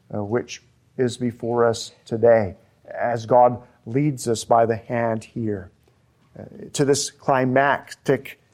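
Slow, emphatic male preacher. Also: medium pitch. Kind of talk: expository sermon.

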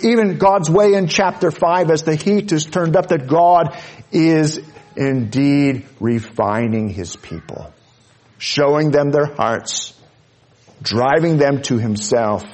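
A man preaching a sermon, earnest, dropping to soft low asides and rising to loud high peaks. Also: slow. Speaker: pastor.

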